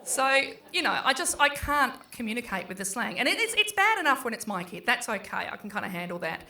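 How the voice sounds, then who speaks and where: A middle-aged Australian woman works a small pub crowd with a stand-up set. Her voice is bright and lifted and sits a little high. She talks casually, swears freely and acts out her kids in quick voices. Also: sing-song. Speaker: stand-up comedian.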